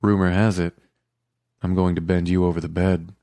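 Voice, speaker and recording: A man narrating a first-person romance audiobook in a quiet, intimate and measured way. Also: deep voice, level tone, no room sound.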